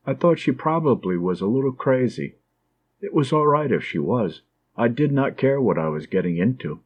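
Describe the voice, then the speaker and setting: A man reads an audiobook in a calm, measured voice. His pitch sits in the middle range. The recording is a little muffled and lo-fi. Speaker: audiobook narrator. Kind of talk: audiobook narration.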